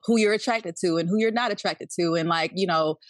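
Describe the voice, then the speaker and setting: A woman's voice: on the low side, fairly quick, no room sound, clean studio sound. A woman co-hosting a podcast, chatting casually about a TV show. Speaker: podcast co-host.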